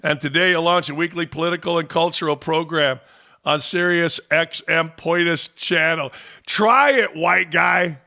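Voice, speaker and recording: A man with a high, gravelly voice rants, his tone bright and sharp. He is a sports talk host who turns heated and profane and mocks with blunt repetition. The sound is gruff and pointed all the way through. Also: normal speed. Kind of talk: ranting commentary.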